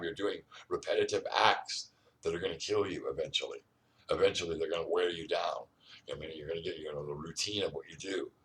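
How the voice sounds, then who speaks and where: Recorded from a distance on poor audio, a vlogger with a low voice delivers a fast, rambling personal monologue indoors at home. He repeats himself, restarts frequently, says "you know what I mean" again and again, and preaches earnestly at the listener.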